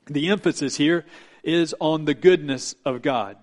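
Earnest preaching man, fairly high voice. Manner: earnest preaching with emphatic slowdowns. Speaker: pastor. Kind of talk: sermon.

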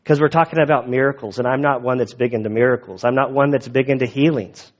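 In a dull lo-fi recording, a pastor with a steady, medium-pitched male voice preaches in a quick, casual, conversational way. He often restarts as he goes.

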